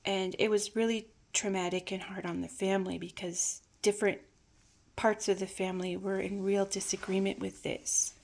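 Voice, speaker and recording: A woman telling a personal family memory in a reflective, hesitant way, sometimes dropping to a soft near-whisper. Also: mid-range voice, level tone, moderate pace, creaky. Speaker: storyteller.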